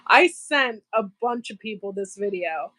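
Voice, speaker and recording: A woman's voice: medium pitch, lively intonation, unhurried, sharp tone, no echo. A woman hosting a casual live stream from her farm channel, rambling, laughing often and answering viewers in the chat. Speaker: farm channel livestream host.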